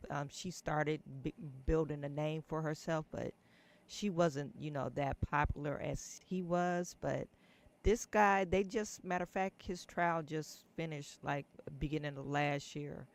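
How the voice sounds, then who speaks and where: Laid-back male co-host, gravelly, rambling delivery, low-gain mic. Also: a little slow. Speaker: co-host of a live stream. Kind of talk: casual chat.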